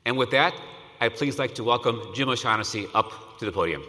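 A male host giving a measured, earnest introduction from a podium, his voice bright and forward. It carries a long reverb from a large hall. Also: mid-range voice, animated. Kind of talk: formal introduction.

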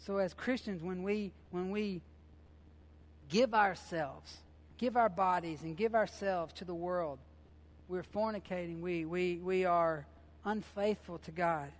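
A man's voice: sits high, a little slow. A man preaching a sermon as pastor, impassioned and conversational, repeating phrases and using informal, folksy grammar.

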